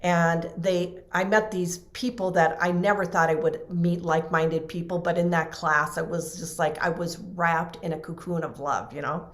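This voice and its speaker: A middle-aged woman, a podcast guest and trainer, telling a personal story in a lively way and acting out the people she quotes. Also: lowish voice, moderate pace, few pauses. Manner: animated, acts out quoted voices, laughs often. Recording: roomy echo.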